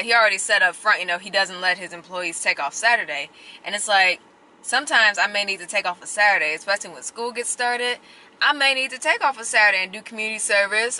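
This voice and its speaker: A woman's voice: medium pitch, pushed and bright, low-quality recording. A young woman chatting expressively to her viewers in a casual vlog, talking from inside her car. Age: young adult. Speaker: vlogger. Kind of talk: casual vlog talk to camera. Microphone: handheld camera.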